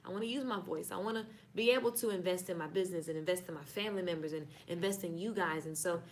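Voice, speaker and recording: A woman with a lowish voice and a Southern US accent talks fast and playfully about marketing on a live stream, with slight background noise. Chatty throughout, she signs off over and over.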